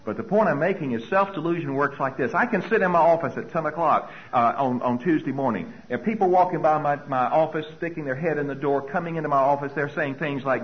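A man's voice: on the high side, expressive, a little fast, highs cut off. A man speaking to an audience, telling personal stories and acting out his own anxious thoughts. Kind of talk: storytelling talk to an audience.

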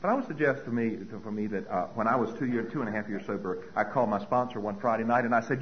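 A man's voice: lowish voice, fast, hardly any pauses, dull audio, a little hiss or hum. A middle-aged man giving a personal recovery talk, earnest and repeating key phrases for weight. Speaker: recovery meeting speaker.

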